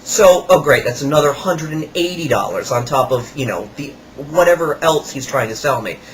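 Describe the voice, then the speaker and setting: A man's voice: a little high, animated, normal speed, a little hiss or hum. A man hosting a podcast, telling a story in a wry, sarcastic way. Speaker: podcast host. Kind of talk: storytelling monologue.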